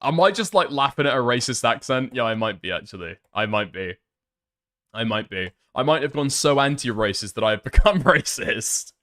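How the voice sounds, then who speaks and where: A man's voice: mid-range voice, animated, normal speed, a bit bright. A man reacting to video clips in a sarcastic, mocking way, laughing often and swearing heavily. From United Kingdom. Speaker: commentary streamer. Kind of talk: casual reaction commentary.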